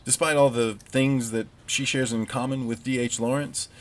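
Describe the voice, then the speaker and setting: A man's voice: mid-range voice, steady tone, moderate pace. A man with a Southern US accent giving a recorded literature lecture, conversational with wry asides. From United States.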